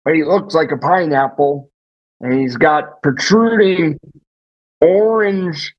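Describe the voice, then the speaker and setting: A man doing an odd, deadpan animal handler with a husky voice that sits a touch high. He talks in a fussy, apologetic way on a comedy podcast. The recording is muffled and lo-fi. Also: takes it slowly. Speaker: guest.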